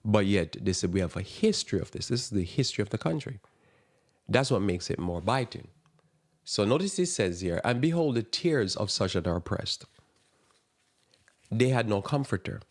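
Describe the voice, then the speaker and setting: A man's voice: on the low side, lively intonation, normal speed. A man hosting a Christian radio talk show, preaching with impassioned rhetorical questions and rambling, restarting phrases. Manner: impassioned, rhetorical questions, voice leaps up when indignant.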